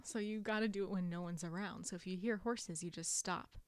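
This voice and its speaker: A young woman co-hosting a podcast, calmly filling in plot details in casual chat about a book. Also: on the low side, a little fast, no room sound. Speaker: podcast co-host.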